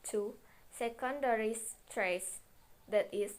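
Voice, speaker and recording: A woman's voice: on the high side, slow pace. A young woman, a native Indonesian speaker, reading a class presentation carefully, with restarts and self-corrections. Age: young adult. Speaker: student presenter.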